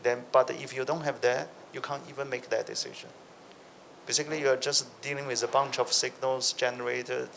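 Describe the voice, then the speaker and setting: A man with a gravelly, bright edge speaks earnestly at a tech panel. Faint room ambience sits behind his plain, direct phrasing. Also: medium pitch, level tone, a little fast, a little hiss or hum, rough recording. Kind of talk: panel discussion answer.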